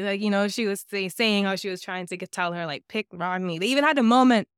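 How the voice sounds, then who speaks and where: A young woman co-hosting a podcast, chatting casually about a reality show and reacting quickly. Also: medium pitch, clean tone, no room sound. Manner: agreeable, backchannels and quick reactions. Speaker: podcast co-host.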